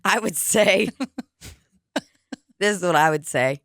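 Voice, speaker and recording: A woman with a deep, low speaking voice chats on a podcast, laughing often and joking crudely. She gets excited fast. The sound is dry and close, with no room around her. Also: dry recording. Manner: giggly, playfully crude, easily excited. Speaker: podcast host. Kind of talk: casual podcast chat.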